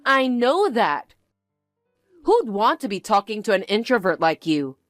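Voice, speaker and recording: A woman's voice: mid-range voice, sing-song, measured pace, dry recording, faint music behind. A woman voicing a spoiled, boastful young stepsister who talks in a condescending, whiny and demanding way. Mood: smug, bratty. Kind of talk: dramatized story reading.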